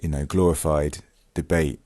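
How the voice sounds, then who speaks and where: Very deep-voiced man musing hesitantly. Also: steady tone, normal speed, mellow. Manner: hesitant, many ums and restarts; reads news excerpts aloud. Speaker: vlogger, channel host. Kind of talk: casual true-crime commentary.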